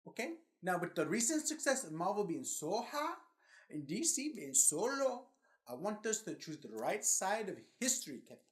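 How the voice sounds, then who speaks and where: A man's voice: sits high, sing-song, normal speed. A man playing a pushy male movie studio boss in a comedy sketch. He talks in a bossy way and keeps repeating the other man's name.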